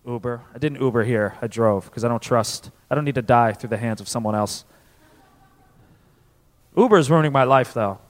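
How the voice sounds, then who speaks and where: A man from Connecticut doing live stand-up comedy, animated, profane and self-deprecating, on a festival stage before an audience. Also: mid-range voice, moderate pace, pauses often. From Connecticut, USA. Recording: reverberant live venue.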